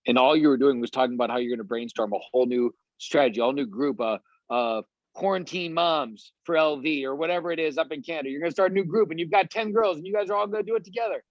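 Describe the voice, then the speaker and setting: A man's voice: fairly high pitch, fast, no echo, lo-fi sound. A man coaching a sales team on a video call, talking eagerly and rambling with lots of fillers.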